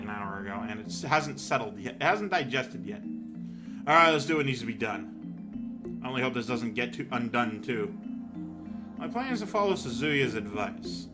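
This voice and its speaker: A man's voice: mid-range voice, lively intonation, normal speed. A man hosting a game playthrough, reading text aloud with rambling, self-deprecating asides, a bit out of breath. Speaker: let's play host. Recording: game music playing behind.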